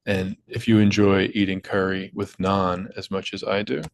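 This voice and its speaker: A young man with a somewhat low voice talks through a puzzle walkthrough. He explains each step patiently and stops now and then to correct himself, like a teacher recording at his desk. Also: level tone, moderate pace, vocal fry, slight background noise, rough recording. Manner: patient, explanatory, with small slips and restarts. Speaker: crossword puzzle maker and teacher. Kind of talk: screen-recorded tutorial walkthrough.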